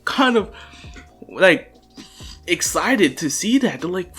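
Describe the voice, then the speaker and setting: A man's voice: high voice, big pitch swings, slow pace, a bit bright. Rambling young man telling a fan story. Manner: rambling, many fillers and restarts. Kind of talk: casual fan-story narration. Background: faint lofi music.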